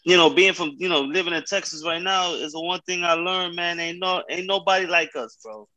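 A hyped podcast co-host, a man, stacks up eager agreement and repeats his own words. His voice is bright and a little high. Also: brisk. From New York. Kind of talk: casual podcast chat.

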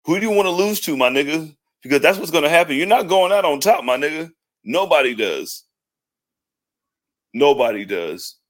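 A man's voice: on the high side, quick pace, hardly any pauses. A man co-hosting a wrestling podcast in casual chat, ranting and joking with lots of swearing. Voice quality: loud, swearing, joking rants. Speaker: podcast co-host.

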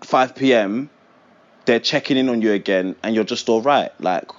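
A man's voice: on the low side, moderate pace. A young man, talking earnestly and reflectively in casual chat, with plenty of slang. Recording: dull lo-fi sound.

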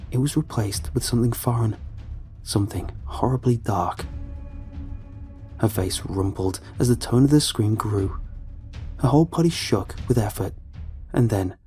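A man giving scripted first-person horror narration in a measured, ominous manner. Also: fairly low pitch, dark tone.

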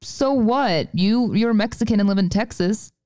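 A woman co-hosting a podcast, talking quickly and emphatically in casual chat. Her voice is smooth and clear, and the recording is dry and close. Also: medium pitch, mellow, no room sound. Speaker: podcast co-host.

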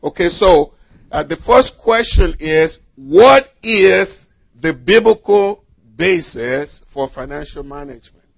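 Slow and deliberate, this man preaches as a pastor, reading from scripture and putting rhetorical questions to his congregation. His voice sits a little high with lively intonation and some creak, captured in a dry recording.

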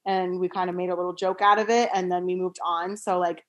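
A woman's voice: mid-range voice, fairly even intonation, fast, hardly any pauses, a bit bright. A woman who is a single mother of four, chatting casually and telling candid stories with many fillers. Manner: candid, filler-heavy storytelling. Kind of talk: casual chat.

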